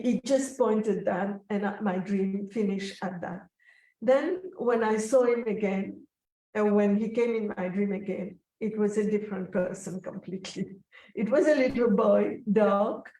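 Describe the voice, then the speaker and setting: A woman telling a personal story in an interview, slow, reflective and emotional. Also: medium pitch, dark tone. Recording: echoey room, voice from a distance.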